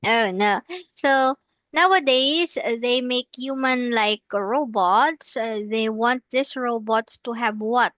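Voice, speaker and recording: A woman's voice: on the high side, slow pace, a bit bright, dry recording, dull audio. A woman teaching an English lesson on a video call, patiently explaining and asking her student many questions, often laughing. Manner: laughs easily. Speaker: English tutor. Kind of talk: online one-on-one English lesson.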